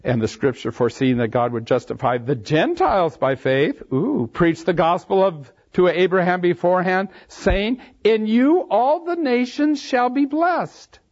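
A man's voice: high-pitched, animated, a little slow, few pauses, a little mellow. A man preaching, reading scripture aloud and explaining it verse by verse, leaning hard on key phrases. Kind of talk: expository Bible teaching. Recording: dull lo-fi sermon recording.

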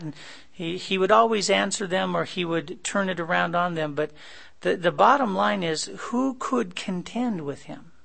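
Middle-aged male preacher, high gravelly voice, builds to emphatic scripture readings, stops to correct himself. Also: moderate pace, a bit bright. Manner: self-correcting, repeats phrases, rises to emphatic reading of scripture. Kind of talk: sermon, expository Bible teaching.

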